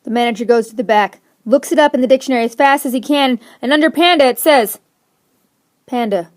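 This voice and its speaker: Brief: woman teacher, slightly high voice, playful and emphatic as she explains to students. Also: fast. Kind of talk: recorded classroom lesson.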